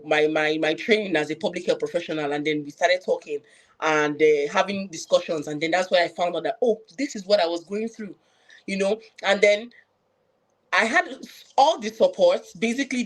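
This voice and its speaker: A woman with a Nigerian accent, a public health professional, giving an earnest personal account on a live panel with frequent restarts and fillers. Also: on the low side. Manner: earnest, reflective, many restarts and "you know" fillers.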